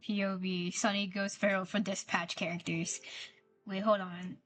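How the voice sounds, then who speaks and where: A woman's voice: medium pitch, level tone, normal speed, fairly bright tone, faint music behind. A woman streaming a game, chatting casually and gushing over the characters, often repeating herself. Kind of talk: casual gameplay commentary.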